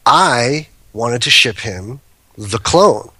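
A man's voice: mid-range voice, lively intonation, drawn-out words, pushed and bright, husky, no echo. A man guest on a podcast telling rambling anecdotes full of restarts and asides. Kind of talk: casual storytelling.

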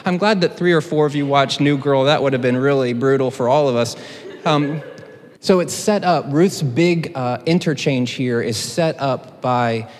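A man's voice: mid-range voice, moderate pace, darkish tone. A man teaching a sermon in a conversational way, with joking asides to the congregation. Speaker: teaching pastor. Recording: hall reverb.

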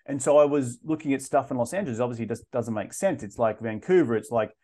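A man talks through his story as a podcast guest, his voice sitting at an ordinary middle pitch. He speaks with animation, often breaking off and repeating words before finding his way forward. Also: fast, dark tone. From Australia. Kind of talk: casual interview storytelling.

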